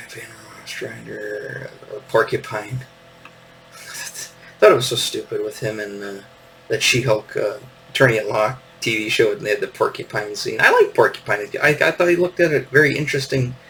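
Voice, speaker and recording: A man's voice: medium pitch, creaky, fairly bright tone, distant mic, slight background noise, poor audio. A man in his fifties hosting a casual show-and-tell, meandering with lots of fillers and little chuckles. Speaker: podcast host.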